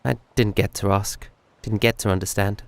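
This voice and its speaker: A man voicing a troubled young man who confides a fear in a hesitant, halting, earnest way. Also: on the low side, steady tone, vocal fry. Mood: uneasy confiding.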